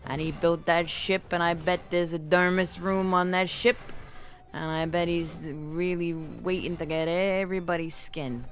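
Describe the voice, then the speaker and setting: Brief: woman game streamer, rambling and playful, slight vocal fry. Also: lowish voice, steady tone, unhurried, soft background music. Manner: rambling, playful, chatty with viewers. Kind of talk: live game stream chat.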